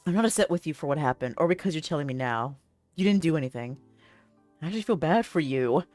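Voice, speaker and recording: A woman reading the lines of a gentle, tearful young man in a game, in a soft, earnest, halting way. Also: sits low, animated, faint music behind.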